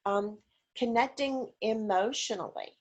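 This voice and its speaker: A woman's voice: on the high side, a little slow, breathy edge. Chatty woman speaking over a video call. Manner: demonstrative, acts out voice examples; chatty with frequent fillers. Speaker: conference speaker on caregiving.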